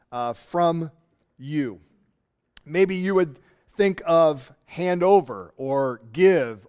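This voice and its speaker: A man preaching a sermon, telling a story in an animated way and acting out the voices. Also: a little high, smooth. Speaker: pastor.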